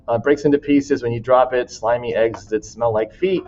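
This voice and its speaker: A man's voice: mid-range voice, fairly even intonation, normal speed, dull audio, loud music behind the voice. A man teaching a class in a recorded walkthrough, casual and laughing often as he reads student writing aloud.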